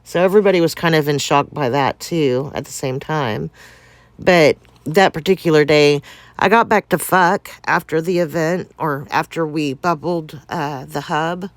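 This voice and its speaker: A woman's voice: deep voice, moderate pace, dry recording. A woman telling a casual, rambling story with many fillers, laughs and candid swearing, a little out of breath. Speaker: game community member recounting events.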